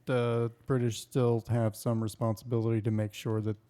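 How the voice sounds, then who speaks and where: A man co-hosting a casual podcast chat, talking in a halting, thoughtful way. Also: medium pitch, level tone, dark tone. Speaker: podcast co-host.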